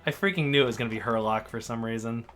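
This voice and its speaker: A man's voice: mid-range voice, fast, fairly bright tone, faint music behind. A man from Russia giving casual, rambling commentary while playing a story game. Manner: chatty, rambling, filler-heavy reactions. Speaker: let's play gamer.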